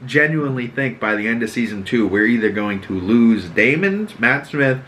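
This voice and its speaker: A man's voice: mid-range voice, animated, moderate pace, fairly bright tone, a little hiss or hum. A young man from Boston, hosting a podcast and giving a casual, rambling recap with frequent swearing and filler words. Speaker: podcast host.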